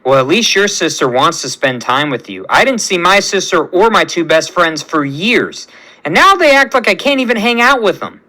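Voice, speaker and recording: A man's voice: sits high, sing-song, moderate pace, sharp tone, exaggerated voice. A man reading as eager young Johnny. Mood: glum. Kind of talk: reading a fan story aloud.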